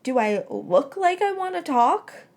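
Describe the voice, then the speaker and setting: A woman's voice: on the high side, lively intonation, a little slow. A woman voicing a teenage witch girl who is sulky and tearful, snapping back as she speaks.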